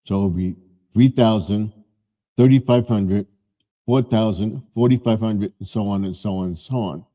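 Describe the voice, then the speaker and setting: Older man with a very dark voice. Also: fairly low pitch, moderate pace. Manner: rambling, corrects himself often. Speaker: live stream host. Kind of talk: casual live stream chat.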